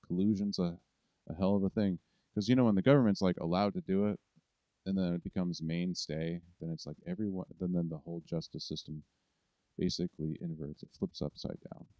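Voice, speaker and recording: Deep, dark-voiced man ranting. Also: fairly even intonation, a little fast, no echo. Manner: profane, rambling, ranting. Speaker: vlogger. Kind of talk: rambling political monologue. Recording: dull lo-fi recording, dry.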